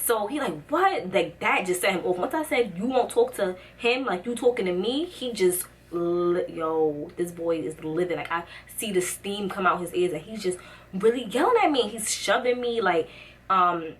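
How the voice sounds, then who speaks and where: Animated young New woman telling a story. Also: moderate pace, recorded from a distance. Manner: animated, acts out quotes with rising pitch. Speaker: vlogger. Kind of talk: storytime vlog.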